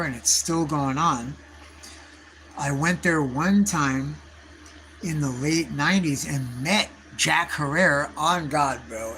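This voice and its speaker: Brief: guy in his forties, livestream host, rambling and cussing, every line ends in dude, voice pitched a bit high. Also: a bit bright, a little hiss or hum, poor audio. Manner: profane, slangy, calls listeners dude and bro.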